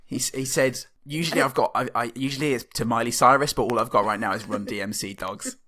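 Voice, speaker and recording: A man's voice: mid-range voice, fast. Wry man co-hosting. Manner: wry, deadpan. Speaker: podcast co-host. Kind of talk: casual chat.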